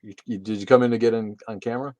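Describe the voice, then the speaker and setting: A man's voice: lowish voice, steady tone, very fast, dark tone, no room sound. A man co-hosting a casual livestream, reading out chat comments with loose, profane jokes.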